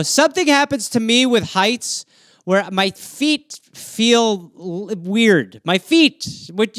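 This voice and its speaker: Man, high voice, smooth and clear, dry close sound, playful improvised comedy riffing. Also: fairly bright tone, no room sound. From Wisconsin, US. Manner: playful, jumps into silly character voices. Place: home, livestream. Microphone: phone or webcam.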